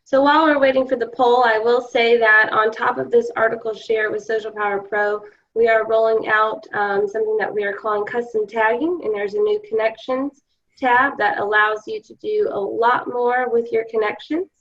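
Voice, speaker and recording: A woman co-hosting a webinar, relaying questions in a relaxed way with frequent ums. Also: a little high, normal speed, highs cut off. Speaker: webinar co-host. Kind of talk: casual webinar moderation.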